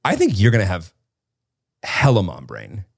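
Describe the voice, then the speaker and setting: A man's voice: sits low, normal speed, vocal fry. A man in his late twenties hosting a casual podcast chat, telling stories with acted-out quotes and casual swearing. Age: late 20s. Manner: animated storyteller, swears casually, acts out quotes. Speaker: podcast host.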